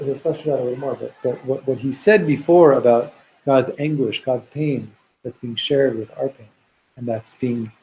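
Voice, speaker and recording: A man's voice: mid-range voice, a little mellow, slight background noise, rough recording. A man teaching a Torah class to students in a classroom. He reads Hebrew text aloud, explains it thoughtfully, and repeats words as he works through ideas.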